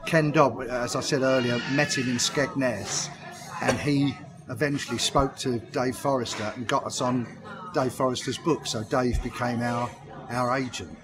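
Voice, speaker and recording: A man's voice: medium pitch, steady tone, normal speed. An older man, a pantomime writer and comedy performer, telling chatty stories in an interview and laughing often at them. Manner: chatty storyteller who laughs often at his own anecdotes. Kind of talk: anecdotal interview chat.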